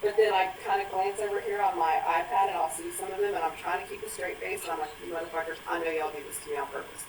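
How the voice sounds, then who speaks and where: A woman's voice: on the low side, fast talker, few pauses. A woman hosting a live stream after-show, chatting casually and swearing as she laughs through stories. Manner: profane, laughing, animated storytelling. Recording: echoey room, far from mic, faint noise.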